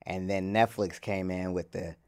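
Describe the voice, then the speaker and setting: A man's voice: low voice, fairly even intonation, normal speed, darkish tone, clean tone. A man co-hosting a podcast in a laid-back, rambling casual chat, laughing often. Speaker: podcast co-host.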